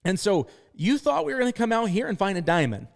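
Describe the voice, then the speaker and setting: A man from northern Maine hosting a podcast, telling stories in an animated, casual way. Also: sits high, quick pace, vocal fry. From northern Maine, USA. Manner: animated storyteller, acts out quotes. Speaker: podcast host. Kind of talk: casual storytelling chat.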